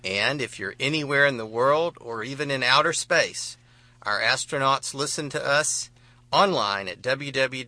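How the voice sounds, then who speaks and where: A man hosts a radio talk show from a studio, his voice crisp and sharply bright. He talks in an easygoing, conversational way, close to the mic with a dry sound. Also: medium pitch, dry recording. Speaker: radio host.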